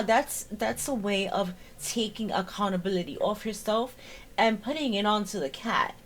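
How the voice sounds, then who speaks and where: Woman ranting over a clip, sarcastic, exasperated, medium pitch. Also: a little slow. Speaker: commentary host. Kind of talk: reaction commentary.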